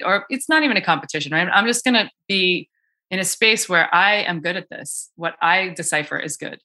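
Chatty woman coach, bright voice. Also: lowish voice, animated, normal speed. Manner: chatty, many fillers and restarts. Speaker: cold exposure coach. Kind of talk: casual podcast conversation.

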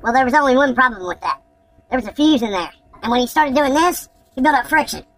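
Podcast host, woman, high pitch, profane and excitable storyteller. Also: fast, poor audio. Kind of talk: casual podcast chat.

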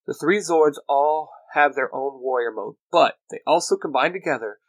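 A man's voice: a little high, normal speed, close to an everyday voice. A man voicing an upbeat tech helper who explains new gadgets to the heroes. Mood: cheerful.

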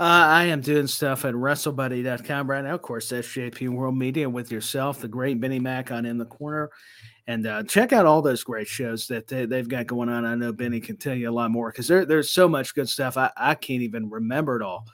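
A man's voice: mid-range voice, brisk, fairly bright tone. A man co-hosting a wrestling podcast in casual chat, rambling and restarting his sentences often. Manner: rambling with many restarts and stammers. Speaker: podcast co-host.

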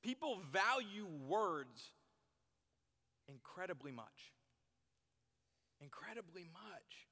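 A man's voice: high-pitched, big pitch swings, takes it slowly, pauses often, pushed and bright. A young man preaching to a youth group, earnest, repeating his key phrases for emphasis. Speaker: youth pastor. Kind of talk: sermon. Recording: long reverb in a hall.

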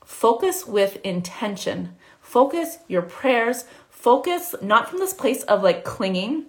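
A woman giving a live spiritual coaching talk in a quick, chatty way with many fillers. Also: a little high, sing-song. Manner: fast, chatty, many "like" fillers, acts out inner voices.

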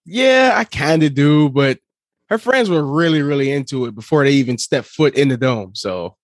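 A man's voice: fairly high pitch, animated, normal speed. A man co-hosting a podcast, chiming in with short reactions and quips in casual chat. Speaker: podcast co-host.

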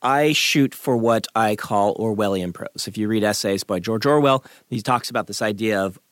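A man's voice: lowish voice, moderate pace, a bit bright, no room sound, studio quality. A man hosting a podcast discussion and leading it with questions, a writing teacher.

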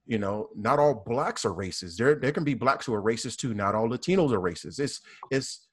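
An earnest man talks as a police officer guest on a discussion panel. His voice sits at an average pitch, and he circles back over his points with halting restarts and repeated phrases. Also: lively intonation, slightly rough. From American South.

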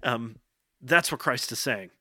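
Earnest man giving a bright, direct talk. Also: medium pitch, expressive, measured pace, no echo, studio quality. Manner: earnest, direct, frequent "okay" and "um". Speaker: speaker addressing college men. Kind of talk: informal devotional talk.

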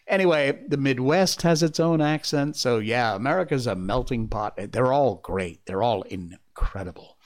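A man's voice: mid-range voice, expressive, measured pace, hardly any pauses. A man from Connecticut who hosts a podcast, talking in a rambling way full of fillers and chuckles. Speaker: podcast host and voice actor. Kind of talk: casual political commentary.

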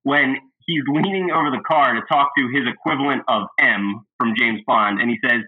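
A man's voice: mid-range voice, normal speed. A man hosting a casual movie review chat, gushing and laughing as he retells favorite scenes. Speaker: podcast host. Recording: thin phone-like sound.

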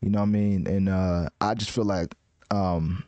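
A man doing an impression of a laid-back male rapper with a Canadian accent, speaking low and relaxed. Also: moderate pace, no echo, highs cut off, lightly acted. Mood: musing. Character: laid-back male rapper talking softly, drawn-out and mellow.

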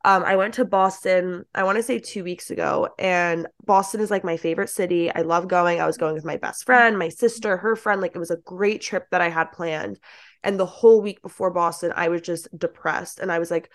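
A woman's voice: lowish voice, fairly even intonation, a little fast. A young woman as a podcast guest, chatting casually and peppering her talk with "like". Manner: chatty, lots of "like", acts out quoted thoughts. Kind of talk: casual chat.

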